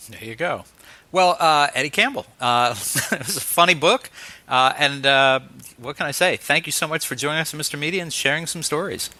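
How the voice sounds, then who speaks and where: A man's voice: on the high side, moderate pace, pushed and bright, no room sound. A man hosting an interview show who wraps up the talk and reads the closing announcements. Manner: friendly, laughs often. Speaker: radio interview host. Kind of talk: interview and scripted show outro.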